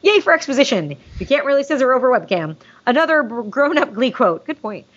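Animated, lively-voiced woman gushing on a podcast. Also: sits high, a little fast. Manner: gushing, chatty, jokey. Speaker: podcast host reading listener mail. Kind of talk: casual fan chat. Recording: dull lo-fi sound.

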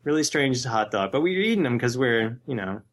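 A man's voice: mid-range voice, big pitch swings, a little fast. A man co-hosting a casual podcast chat, telling laid-back stories and quoting people as he goes. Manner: laid-back storytelling with quoted voices.

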